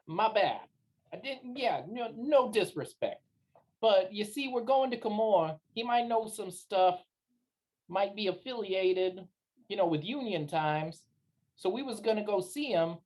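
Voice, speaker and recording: A woman playing an adventurer who puts on a low, muttering wise-guy manner. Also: darkish tone, lightly acted. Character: adventurer Galan playing a streetwise tough guy.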